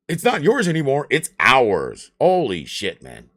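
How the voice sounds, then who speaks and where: A man talks loosely on a live stream. His pitch leaps up and down as he rants, excitable and profane. He has a middling voice that is neither deep nor high. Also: a little slow. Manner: animated, excitable ranting with swearing. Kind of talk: rambling live-stream chat.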